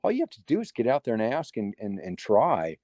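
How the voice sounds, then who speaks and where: Mellow-voiced man telling stories in a rambling way. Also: lowish voice, huge pitch swings, fairly quick, dry recording. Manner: rambling, with many restarts and quoted dialogue. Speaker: guest magician. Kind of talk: casual interview storytelling.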